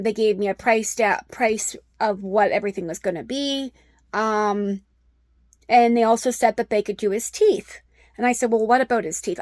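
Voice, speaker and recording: A woman's voice: a little high, dry recording, studio quality. A middle-aged woman telling an upsetting personal story in a vlog, rambling with many ums. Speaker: vlogger.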